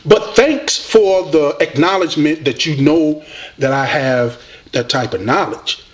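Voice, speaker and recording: A man's voice: a little high, unhurried. A man from the United States, delivering a combative, preachy video rant at a rival debater. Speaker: online debater addressing a rival.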